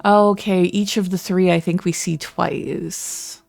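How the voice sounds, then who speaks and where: A Canadian-accented streamer chatting casually while playing, with a self-mocking tone and an occasional swear. There is a gravelly edge to the voice, and soft music plays underneath. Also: mid-range voice, fairly even intonation, takes it slowly, few pauses. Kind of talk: let's-play commentary and reading.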